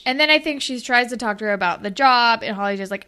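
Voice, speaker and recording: A woman's voice: a little high, fast talker, few pauses, clear, resonant tone. A young woman co-hosting a casual chat, laughing often and acting out lines as she recaps a TV episode. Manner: giggly, animated, acts out quotes. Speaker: podcast co-host.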